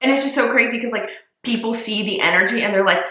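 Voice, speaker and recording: A woman's voice: on the high side, fast talker, sharp tone, echoey room. A young woman and small business owner talking casually to camera in a vlog, full of "like" and casual swearing. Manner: chatty, says "like" a lot, swears casually.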